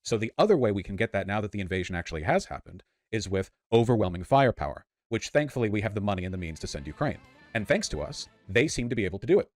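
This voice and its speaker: Fast, sarcastic low-voiced male debater. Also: darkish tone, dry recording, studio quality. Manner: sarcastic, mock-agreeing.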